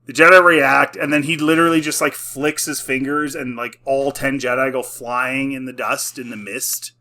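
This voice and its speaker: A man's voice: medium pitch, level tone, normal speed, bright, forceful tone. A young man ranting casually about a show he reviews, exasperated and sarcastic, with lots of fillers. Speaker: YouTube reviewer.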